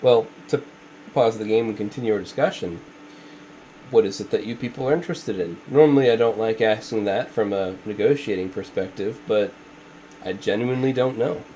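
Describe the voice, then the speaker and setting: Low-voiced game master, measured and probing. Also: male voice, dark tone, a little hiss or hum, poor audio. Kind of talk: voicing a negotiating NPC in a tabletop game.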